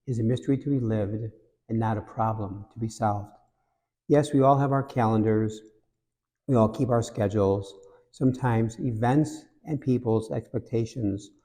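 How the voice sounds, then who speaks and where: A man's voice: medium pitch, dark tone, long reverb tail. A man, a priest and cathedral rector, giving a conversational homily and telling jokes between reflections. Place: large cathedral.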